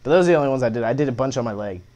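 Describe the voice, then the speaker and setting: A man's voice: mid-range voice, rapid-fire, a little mellow. Rambling, slangy young man telling stories. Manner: rambling, slangy, heavy profanity, fillers of "bro" and "like". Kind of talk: casual storytelling chat.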